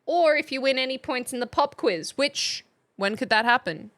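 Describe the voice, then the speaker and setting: A woman's voice: high-pitched, animated, normal speed, a bit bright. A woman with a general Australian accent, hosting a mock classroom lesson on a live stream in a playful, chatty, teacherly way.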